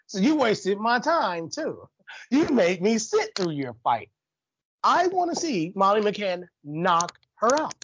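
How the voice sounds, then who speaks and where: A man hosting a sports talk show, delivering a heated, animated rant full of rhetorical questions, on a dull lo-fi recording. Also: high voice, slow pace, slightly rough, no room sound. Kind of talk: ranting sports commentary monologue.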